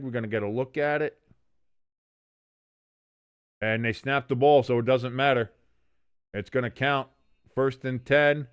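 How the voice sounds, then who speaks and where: A man's voice: medium pitch, smooth, dry recording. A man hosting a casual sports watch-along, mixing play-by-play calls with rambling jokes and chat comments he reads aloud.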